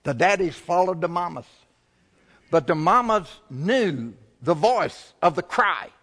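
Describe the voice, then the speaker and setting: A man's voice: high voice, lively intonation, a little slow, fairly bright tone, big-room sound. A male pastor preaching a sermon, building to emphatic, rising swells.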